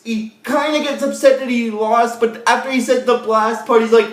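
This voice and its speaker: A man's voice: very high voice, steady tone, normal speed, hardly any pauses. A young man casually recapping a TV episode for his video channel, rambling with lots of fillers and repeated sign-offs. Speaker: video host. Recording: roomy echo.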